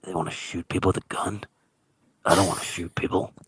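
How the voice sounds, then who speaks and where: A man putting on a low, oblivious tennis-court stranger. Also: brisk, gravelly, husky, dry recording, full character voice. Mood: oddly earnest. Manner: flat, oblivious, too close. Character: odd, clingy male stranger at tennis courts.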